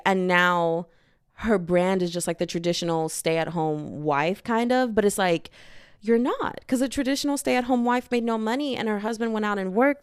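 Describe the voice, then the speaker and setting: A woman's voice: mid-range voice, clean tone, no room sound, studio quality. A young woman hosting a podcast, talking casually in a slangy, chatty way and acting out the people she quotes. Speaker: podcast host. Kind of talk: casual commentary monologue.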